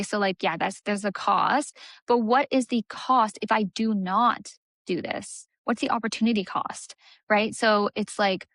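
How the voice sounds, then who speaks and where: Her medium-pitched voice has a fairly bright tone, with no room sound at all. She's a young aesthetics business coach giving a laid-back lesson, chatty and full of "like," playing out the lines clients might say.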